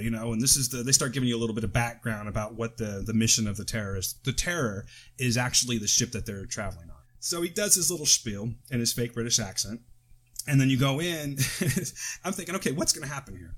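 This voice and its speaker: A man's voice: medium pitch, fast. An American man co-hosting a podcast, chatting casually and rambling through tangents and self-corrections into a close mic. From United States. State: coughing. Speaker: podcast co-host. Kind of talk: casual chat.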